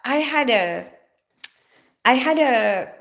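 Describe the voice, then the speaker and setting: A woman's voice: fairly high pitch, lively intonation, slow pace, fairly bright tone. A woman with a Filipino accent, casually chatting and laughing with viewers on a livestream, greeting them by name. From Philippines. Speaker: livestream host reading chat. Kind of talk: casual live chat.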